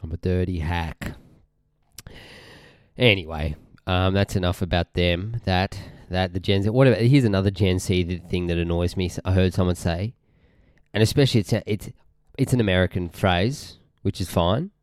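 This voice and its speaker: A man's voice: low voice, normal speed, a little mellow, no echo, studio quality. A young Australian man hosting a podcast, ranting casually in a rambling, irritated, sweary way and often trailing off mid-sentence. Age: young adult. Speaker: podcast host.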